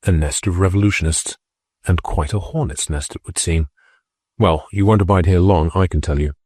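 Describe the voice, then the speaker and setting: A man's voice: low-pitched, moderate pace, a little mellow, husky, no echo, studio quality. A man reading an audiobook, voicing a cool, self-assured young man of a wealthy family who speaks in a composed, slightly haughty way.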